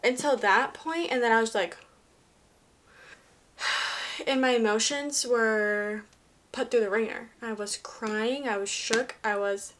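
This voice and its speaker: A young woman vlogging her reactions to a fantasy series, excitable and often dropping to a whisper. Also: on the high side, slow pace, long pauses. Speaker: book vlogger. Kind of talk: casual reading reactions. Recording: faint background noise.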